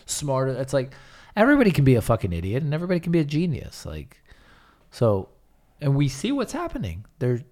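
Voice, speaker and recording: A man's voice: on the high side, wildly swooping pitch, fast talker, warm tone. Blunt, profane man. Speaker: podcast co-host. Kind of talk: casual chat.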